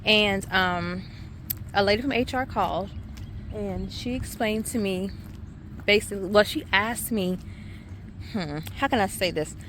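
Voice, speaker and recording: A middle-aged woman, a high school teacher chatting casually to camera in her classroom, calling viewers y'all. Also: measured pace, pauses often, fairly bright tone, a little hiss or hum. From Savannah, Georgia. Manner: chatty, addresses viewers as y'all, many ums. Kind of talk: casual vlog chat to camera.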